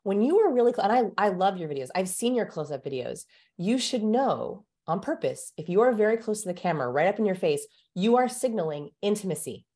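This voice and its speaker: A woman's voice: mid-range voice, big pitch swings, a little fast, warm tone. A woman who researches communication, guesting on an interview show and explaining with energy, like a teacher giving demonstrations.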